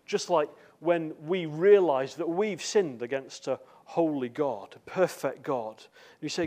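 A man's voice: on the high side, normal speed, darkish tone. A man preaching a sermon, telling a story with acted quotes and many repeated words. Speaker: visiting preacher.

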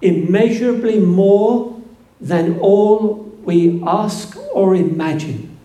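A man preaching a sermon, slow and emphatic, building to fervent peaks. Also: high voice, dark tone. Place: church. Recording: echoey church room.

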